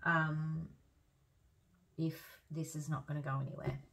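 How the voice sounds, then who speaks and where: Hoarse woman, low voice, noisy recording. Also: flat delivery, a little slow, pauses often. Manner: chatty, thinks aloud with fillers and restarts. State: hoarse, losing her voice. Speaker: tarot reader. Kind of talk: casual tarot reading.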